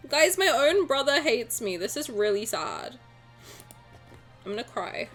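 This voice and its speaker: Lively playful young woman streamer. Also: fairly high pitch, measured pace, pauses often, faint music behind. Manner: playful, joking, bursts of excited shouting. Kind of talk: casual game stream commentary.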